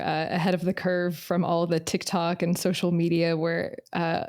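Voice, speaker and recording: A woman's voice: fairly low pitch, vocal fry, darkish tone, no echo, studio quality. A woman hosting a podcast interview, enthusiastic and using many fillers as she asks questions. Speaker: podcast host. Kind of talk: conversational interview.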